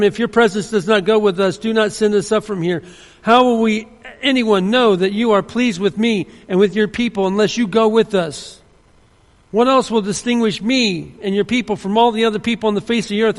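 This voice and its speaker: A man preaching a sermon, earnest and emphatic, often restarting his sentences. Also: sits high. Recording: long hall reverb.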